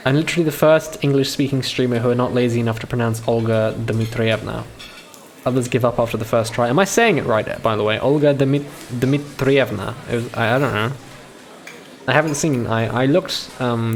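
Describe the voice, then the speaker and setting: Male live streamer, mid-range voice; chatty, profane, stammering commentary. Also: mid-range voice. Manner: profane, stammering, laughing often.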